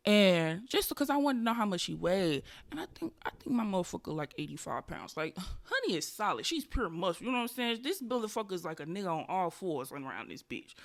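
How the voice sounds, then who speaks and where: A woman in her twenties hosting a podcast, telling a story in a casual comedic way with profanity and loud animated bursts. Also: on the high side. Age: 20s. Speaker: podcast host.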